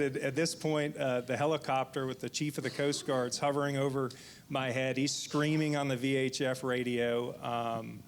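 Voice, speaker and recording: A man in his forties, a fishing guide on a panel, telling a lively anecdote full of restarts. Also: medium pitch, normal speed, a little hiss or hum. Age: 40s. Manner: rambling, lively retelling with frequent restarts. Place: indoor event venue.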